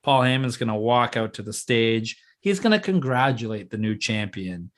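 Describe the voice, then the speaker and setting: A man co-hosting a casual podcast chat, excitedly walking through his plans step by step and teasing his co-host. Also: medium pitch, moderate pace. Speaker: podcast co-host booking a fantasy wrestling show.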